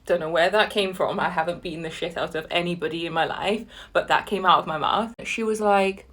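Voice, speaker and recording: A vlogger tells an animated, exasperated story while eating, breaking into sudden high-pitched outbursts and soft murmurs over her food. She talks a little fast with few pauses.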